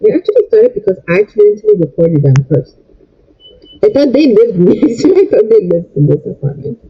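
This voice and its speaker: A man's voice: sits high, very animated, a little fast, creaky, slightly rough, highs cut off. A young man telling a storytime rant in an agitated way, repeating and stumbling over his words. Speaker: vlogger.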